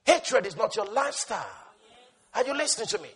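High-pitched, impassioned male preacher. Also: very animated, normal speed, husky. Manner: impassioned, swings between shouting and hushed tones; repetitive, emphatic preaching. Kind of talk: sermon.

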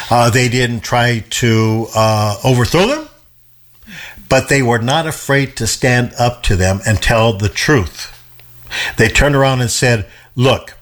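Emphatic man teaching a Bible study. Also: medium pitch. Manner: emphatic, repeats words, animated retelling with voiced quotes.

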